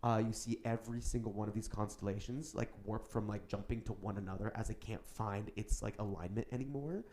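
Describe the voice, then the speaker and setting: Gravelly game master narrating casually. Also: male voice, on the low side, fairly even intonation, fairly quick, a little mellow, a little hiss or hum. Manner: casual, filler-heavy narration.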